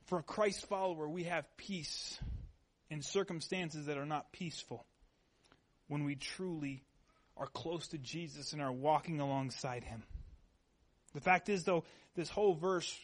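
The pastor addresses his congregation at a moderate pace in a high, light male voice. His sermon feels conversational, woven with personal stories and earnest repetition that hammers his points home.

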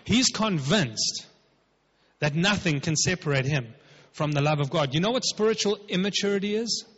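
A man's voice: a little high, expressive, normal speed, fairly bright tone, breathy edge. A man preaching a sermon as pastor, emphatic and conversational, acting out quotes. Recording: dull, lo-fi with long hall reverb.

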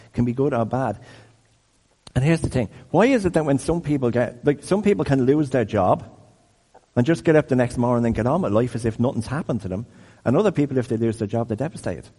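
A man in his fifties delivers a conversational, sermon-style teaching talk, frequently putting questions to the audience. He speaks quickly in a mid-range voice that is dark and slightly rough, with long hall reverb around him.

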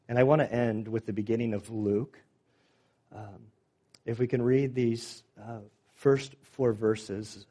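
A man's voice: medium pitch, slow pace, long pauses, warm tone. A man preaching a sermon and leading a closing prayer, earnest and plain-spoken, with frequent fillers and repeated words. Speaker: pastor.

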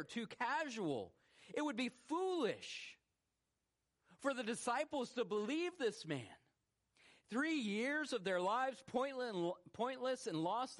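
A man preaching a sermon as a pastor, swinging between loud rhetorical questions and hushed, low emphasis. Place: church sanctuary.

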